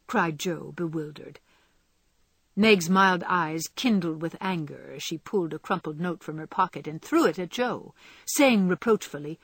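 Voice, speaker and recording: Husky-voiced woman reading an audiobook. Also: on the low side, no echo. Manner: measured, expressive. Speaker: narrator. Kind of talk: audiobook narration.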